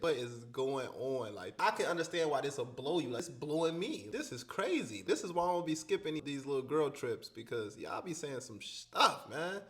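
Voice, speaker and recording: A man's voice: medium pitch, a bit bright. A man hosting a story show, reacting to a viewer's tale in casual, slangy, incredulous commentary.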